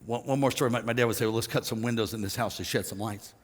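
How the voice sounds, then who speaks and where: A man's voice: mid-range voice, rapid-fire, long reverb tail. A man preaching a conversational sermon as pastor, telling stories and acting out other people's lines. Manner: storytelling, animated quoting of others.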